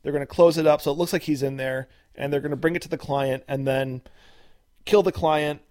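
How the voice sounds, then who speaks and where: A man's voice: fairly high pitch, steady tone, fairly quick, a little mellow. A man co-hosting a podcast, recapping a TV episode in casual chat with lots of fillers and restarts.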